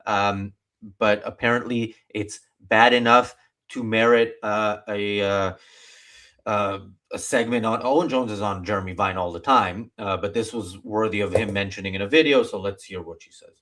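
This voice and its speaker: Opinionated male host, halting. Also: fairly low pitch, fairly even intonation, fairly bright tone. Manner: opinionated, halting with many fillers. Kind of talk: political commentary chat.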